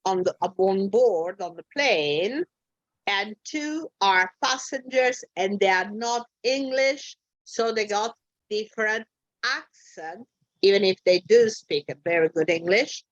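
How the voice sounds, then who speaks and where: Slow, halting woman teaching English. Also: mid-range voice, lively intonation, no room sound, muffled recording. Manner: slow, halting speech with many fillers. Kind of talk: online English lesson.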